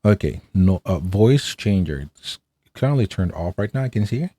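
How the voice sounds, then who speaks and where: Low, mellow-voiced man reviewing gear. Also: expressive, moderate pace. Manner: chatty, enthusiastic, fillers and rhetorical "right?". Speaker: tech reviewer. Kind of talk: casual product review.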